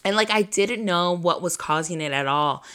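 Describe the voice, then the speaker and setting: A woman's voice: lowish voice, normal speed, fairly bright tone, clear, resonant tone. A woman hosting a podcast who tells a personal story in a casual, chatty way. She swears freely, leans on "like", and laughs at herself between lines. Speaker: podcast host.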